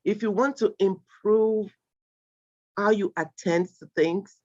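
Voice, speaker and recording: A woman instructor guides a live online mindfulness class, cheering people on and reading their replies aloud with quick exclamations. Her voice sits at a middle pitch for a woman. It comes through a dull, lo-fi video call. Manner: encouraging, reads audience replies aloud with lively exclamations.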